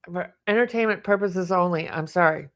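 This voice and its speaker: A woman's voice: on the low side, fairly quick, fairly bright tone. A woman reading tarot cards aloud, thinking aloud and exclaiming as the cards turn up. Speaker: tarot reader.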